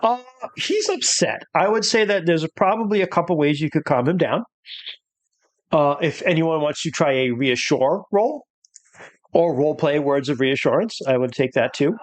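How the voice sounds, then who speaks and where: Game master, halting narration, lots of fillers, bouncy intonation, middle pitch. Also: expressive. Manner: hesitant, filler-heavy narration.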